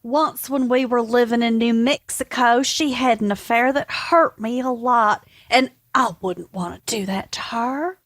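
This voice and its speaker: A woman reading the part of an earnest married man in a flat, hesitant way, in a comic cold read. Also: fairly high pitch, unhurried, hardly any pauses, no echo, clean studio sound.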